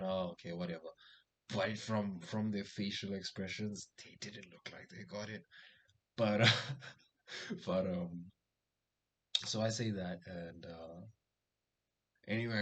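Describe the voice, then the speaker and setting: A man's voice: on the low side, low-quality recording. A young man casually telling a personal story as social advice, full of fillers and restarts. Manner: rambling, many fillers and restarts; lively quoted dialogue in story. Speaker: vlogger giving social advice.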